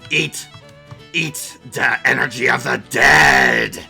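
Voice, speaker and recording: Man playing a haughty shady stranger, very low and deliberately slow, threatening. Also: creaky, bright, forceful tone, husky, soft background music, exaggerated voice. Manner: slow, deep, threatening delivery. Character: menacing shady male stranger, cold and haughty.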